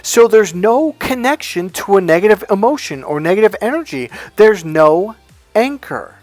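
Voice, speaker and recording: A man with a slightly high voice tells a story from his coaching work, jumping between his own lines and the other person's. His delivery is lively and conversational, recorded dry and close. Faint music plays behind him. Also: normal speed, no room sound. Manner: animated, acts out quoted dialogue. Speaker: life coach. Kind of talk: casual storytelling talk.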